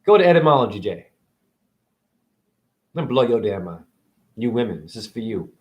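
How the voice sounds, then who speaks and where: A man's voice: on the low side, big pitch swings, normal speed, dull audio. A man vlogging a rambling spiritual monologue, preachy and profane. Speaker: spiritual video blogger.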